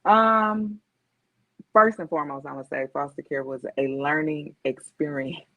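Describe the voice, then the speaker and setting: A woman's voice: deep voice, a little slow, no echo. A woman guest talking candidly and reflectively on a podcast, speaking directly and acting out the voices she quotes. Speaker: guest author and motivational speaker. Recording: dull lo-fi dry sound.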